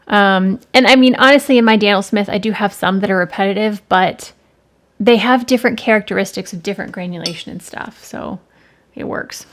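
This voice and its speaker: A woman hosting an art channel, chatting casually and rambling a little as she swatches watercolors at her desk. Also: mid-range voice. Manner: musing, rambling, self-correcting. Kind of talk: casual talk while swatching paints. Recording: faint background noise with clicks.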